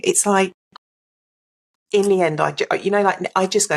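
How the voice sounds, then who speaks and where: A woman's voice: lowish voice, moderate pace, creaky. A woman giving a candid, reflective personal account as a podcast guest. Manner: reflective and open, mimics others in a brighter voice.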